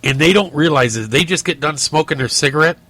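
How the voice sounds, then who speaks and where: Fast and forceful, this podcast host's fairly high voice comes across bright. The middle-aged man goes on casual rants and rambling tales, constantly restarting and using fillers.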